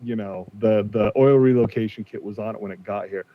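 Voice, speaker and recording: A man's voice: lowish voice, steady tone, fairly quick, dry recording. Man in his 40s telling a story. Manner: retells a dispute, acting out quoted exchanges. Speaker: podcast guest, car collector. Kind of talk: casual storytelling. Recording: slightly dull, dry sound.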